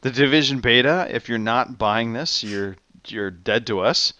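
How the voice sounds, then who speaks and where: A man's voice: mid-range voice, unhurried, pushed and bright, no room sound. A man hosting a gaming podcast, leading casual chat with teasing banter. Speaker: podcast host.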